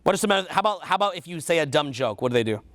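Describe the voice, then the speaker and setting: A man's voice: fairly high pitch, expressive, racing, a bit bright. A man with a Canadian accent teaching a seminar, quizzing the audience and repeating their answers back. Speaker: dating coach.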